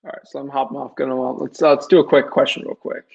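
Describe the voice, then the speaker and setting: On a live video call, a male host casually answers viewer questions while dealing with connection trouble, staying relaxed and apologizing for the tech issues. He talks fast in a medium-pitched, gravelly, husky voice, and the sound is lo-fi.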